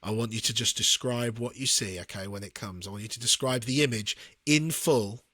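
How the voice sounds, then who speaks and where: A man's voice: mid-range voice, brisk, pushed and bright, no room sound. A British man co-hosting a casual podcast, chatty and often laughing as he reads out facts. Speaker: podcast co-host. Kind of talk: casual chat.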